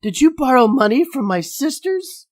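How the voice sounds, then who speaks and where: A man voicing a startled middle-aged housewife from a cartoon, quoting a scene in a high, strained falsetto. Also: big pitch swings, moderate pace. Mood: shocked.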